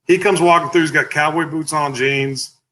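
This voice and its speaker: A company founder from Texas tells stories in a casual interview, animated and salty, full of "like" and "you know." His voice is on the high side at normal speed, and the audio is poor.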